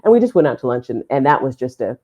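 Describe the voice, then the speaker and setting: A woman sports announcer telling a story in a podcast interview, animated and laughing often as she acts out what people said. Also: rumbling low, quick pace, husky, lo-fi sound. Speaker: sports play-by-play announcer, guest.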